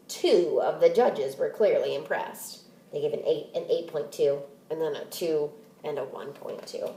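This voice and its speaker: A woman teacher reading a picture book aloud and explaining it, in a deliberate, expressive manner. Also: low voice, roomy sound, slight background noise.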